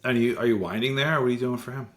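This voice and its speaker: A man's voice: mid-range voice, fairly even intonation, very fast. A man hosting a casual guitar interview, easygoing and encouraging with his questions. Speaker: podcast host.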